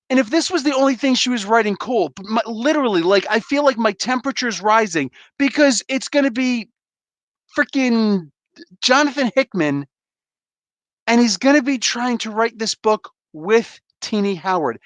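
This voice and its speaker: A man's voice: high voice, sing-song, normal speed, fairly bright tone, dry recording. A man hosting a live comic book review, ranting in an exasperated, blunt way, swearing casually and calling out viewers in chat. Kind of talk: heated live review rant.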